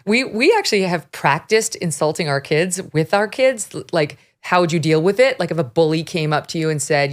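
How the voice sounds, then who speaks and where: A woman in her fifties hosting a talk show, blunt and animated, laughing often as she chats. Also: on the low side, fairly quick, hardly any pauses. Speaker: podcast host. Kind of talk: opinionated talk show chat.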